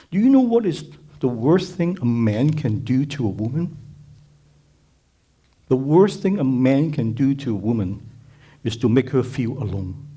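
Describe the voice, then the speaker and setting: Guy preaching a sermon, warm mellow tone, repeats himself a lot for emphasis, asks the crowd questions. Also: mid-range voice. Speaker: speaker at a conference.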